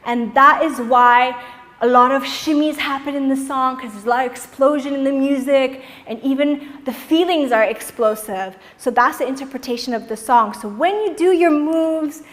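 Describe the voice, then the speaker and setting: A young woman teaching a dance tutorial, energetic and encouraging, counting the beats aloud in a dance studio. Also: high voice, moderate pace, in a large hall. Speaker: dance instructor.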